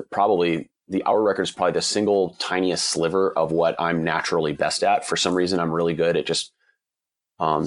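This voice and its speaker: A man in his forties with an extremely low, deep voice, slightly husky as he gets over a cold. He answers interview questions in an earnest, candid way, often restarting his sentences as he thinks aloud. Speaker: guest, endurance cyclist.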